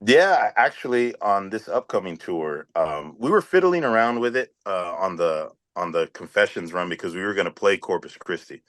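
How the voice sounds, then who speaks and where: A man with a South Texas accent answers interview questions with a very deep voice. The sound is close and dry, with no room around it. He talks loosely, restarting phrases and checking in with the listener. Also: normal speed, few pauses, dry recording. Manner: relaxed, rambling, frequent restarts and "you know what I mean". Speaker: band vocalist.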